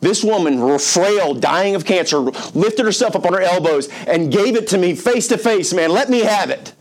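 A man's voice: sits high, expressive, moderate pace. A male pastor preaching a storytelling sermon in a conversational, emphatic way, with casual asides to his listeners.

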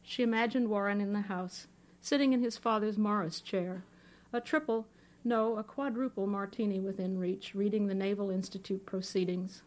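A woman's voice: mid-range voice, fairly even intonation, normal speed, hardly any pauses. Woman reading her story aloud. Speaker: author reading her own work. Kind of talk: live fiction reading. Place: bookstore reading event. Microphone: microphone on a stand.

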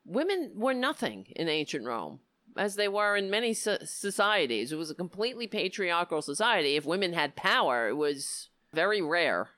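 A woman hosting a political talk show, giving impassioned, indignant commentary with a hoarse voice. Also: on the low side, sing-song, moderate pace, no echo. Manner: impassioned, indignant, rising to near-shouting.

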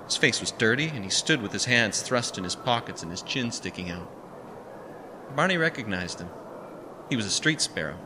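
A man reading a story aloud in a wry, measured narrating manner. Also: on the low side, lively intonation, background noise. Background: music.

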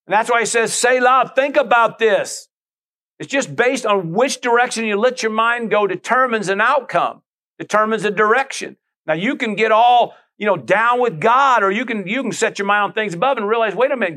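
A man's voice: sits high, sharp tone. A man preaching a sermon as pastor, reading scripture and adding frequent amens.

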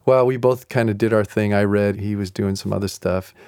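A man's voice: fairly low pitch, fairly even intonation, a little fast, a little mellow, clean tone, dry recording, studio quality. A middle-aged man telling a personal story in a casual way, chuckling often and acting out the other people's lines. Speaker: speaker sharing a personal story.

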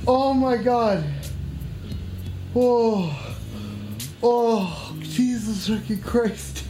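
A loud, foul-mouthed man hosting a livestream, his voice pitched high as he shouts catchphrases at the camera. Faint music plays behind him. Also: animated, extremely slow. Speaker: livestream host. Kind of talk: rowdy livestream banter. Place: at home in front of cameras.

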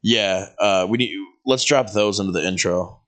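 Young male comic co-host, lower pitch, playful. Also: normal speed, a bit bright. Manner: joking, breaks into laughter. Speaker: podcast co-host and stand-up comic. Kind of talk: casual chat.

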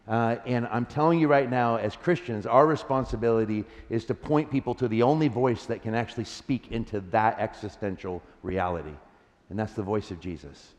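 A man's voice: mid-range voice, moderate pace, in a large hall. A man preaching a sermon as pastor, earnest and conversational, telling stories and acting out the voices in them. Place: church.

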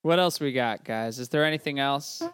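A man's voice: medium pitch, normal speed, fairly bright tone, clean tone, no room sound, clean studio sound. A man co-hosting a casual movie review podcast, chatty and full of "you know". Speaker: podcast co-host.

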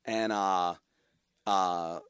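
Low-voiced man telling family stories. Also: drawn-out words, smooth, dry recording, studio quality. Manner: animated storyteller, many fillers and restarts. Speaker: guest, media company founder. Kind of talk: casual interview storytelling.

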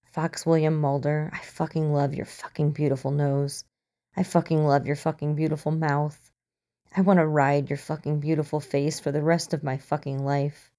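A woman's voice: sits low, level tone, moderate pace, mellow. A woman voicing a drunk, sentimental, foul-mouthed young man with a theatrical delivery, in a storybook reading. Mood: mock-tender. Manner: theatrical, sweary.

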